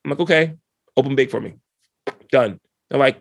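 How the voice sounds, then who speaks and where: A male dentist as a podcast guest, telling stories in a relaxed, slangy way and acting out his patients' lines. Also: mid-range voice, moderate pace, creaky, dry recording. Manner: lively, acts out patient dialogue in quoted voices; laid-back, slangy. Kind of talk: casual interview storytelling.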